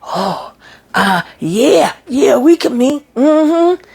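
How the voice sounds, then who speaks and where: A giddy, eager grown man, as a woman puts him on, his voice jumping well above her own as he gushes. He repeats himself in a bright, excited rush. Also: extremely slow, creaky, exaggerated voice. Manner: high, gushing, repeats himself.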